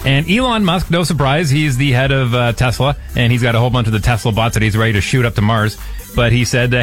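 A man hosting a radio morning show, chatting and joking casually with quick asides. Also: medium pitch, soft background music. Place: radio studio.

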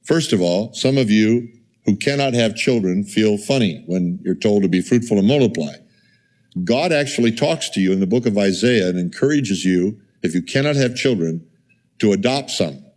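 A man's voice: lowish voice, animated, moderate pace, a little mellow. A middle-aged male pastor preaching a sermon in a conversational way, with rhetorical questions and asides to the congregation.

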